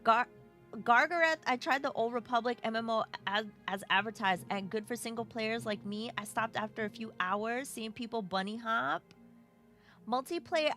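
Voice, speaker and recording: A woman's voice: a little high, normal speed, sharp tone, faint music behind. A woman from Brooklyn with a New York accent, live-streaming a game, chatting playfully and reading chat aloud. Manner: playful, bouncy, chatty with viewers.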